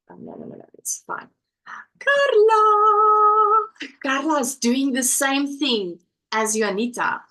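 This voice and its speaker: A woman's voice: fairly high pitch, fairly bright tone, low-quality recording. Chatty woman hosting a live stream. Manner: chatty, reads viewer comments aloud. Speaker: livestream host. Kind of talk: casual live-stream chat. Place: home crafting live-stream.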